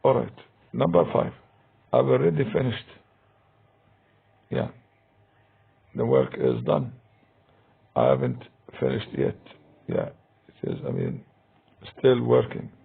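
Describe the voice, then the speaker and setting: A man teaching English grammar in a recorded lesson, talking slowly and hesitantly with many fillers, with a deep gravelly husky voice. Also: huge pitch swings. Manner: slow, hesitant, many "uh" and "I mean". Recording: tinny phone-like recording.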